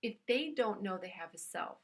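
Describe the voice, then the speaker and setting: A woman's voice: mid-range voice, animated, moderate pace. A woman with a New York accent giving an earnest, emphatic motivational talk, speaking directly to her listener. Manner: earnest and emphatic, addresses listener as "dear one". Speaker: self-help speaker.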